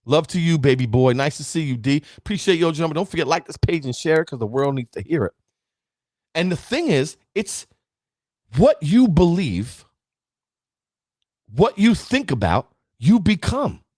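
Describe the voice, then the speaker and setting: Very animated and speaking at a normal speed, this man has a voice on the high side with a darkish tone. He's a motivational speaker on a live stream, preaching emphatically, often tossing in "right?" and greeting viewers by name, in a studio-quality recording with no echo.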